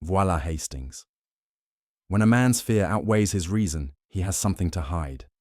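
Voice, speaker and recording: A man voicing a shrewd, fastidious Belgian detective who talks in a courteous, probing way and slips in French phrases. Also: low voice, lively intonation, darkish tone, dry recording, studio quality.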